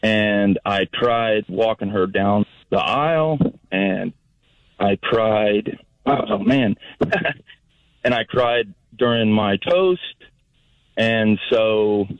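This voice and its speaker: A man's voice: fairly low pitch, extremely slow, dry recording. A middle-aged man from Florida calling in to a radio show, telling a story in an easygoing way. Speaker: caller. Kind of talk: call-in radio chat. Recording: muffled phone line.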